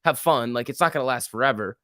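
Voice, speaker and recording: A man hosting a live stock market stream, talking casually and reacting to viewers in chat with slangy, animated commentary. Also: medium pitch, fast, no echo, studio quality. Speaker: stock market livestream host.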